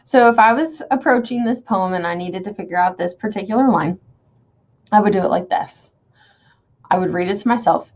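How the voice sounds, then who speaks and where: A woman teacher walks through a lesson, explaining each step and checking in with "okay?" as she goes. She reads lines of verse slowly, sounding out each beat. The audio is dull and lo-fi. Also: mid-range voice. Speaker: English teacher. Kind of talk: recorded online lecture.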